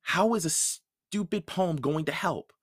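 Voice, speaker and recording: A man's voice: fairly high pitch, unhurried, husky, no room sound, pitched above the performer's own voice. A puzzled young boy questions things in a lifted, searching tone, as a man reading a storybook puts him on. The voice sits close and dry.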